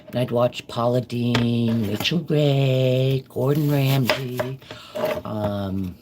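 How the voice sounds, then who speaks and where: Her pitch is extremely low and her tone steady as she speaks slowly, a middle-aged woman cooking live in her home kitchen. As a live-stream cooking vlogger, she chats casually and rambles in a friendly manner with viewers, while chopping and kitchen clicks sound underneath.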